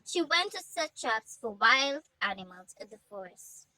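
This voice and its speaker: Woman narrator reading a story aloud, high bright voice, expressive, dry close sound. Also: unhurried, no echo, rough recording.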